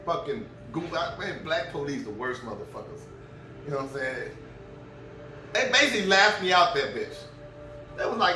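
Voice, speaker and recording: A man's voice: on the high side, animated, normal speed, bright, forceful tone, a little hiss or hum. A middle-aged man telling a crude, rambling story, laughing as he goes. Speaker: vlogger. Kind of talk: profane storytelling rant. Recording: roomy, distant mic.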